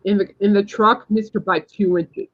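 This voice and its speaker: A woman's voice: medium pitch, fairly even intonation, normal speed. A woman hosting a podcast, telling a personal story in a rambling, emphatic casual chat. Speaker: podcast host. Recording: dull lo-fi sound.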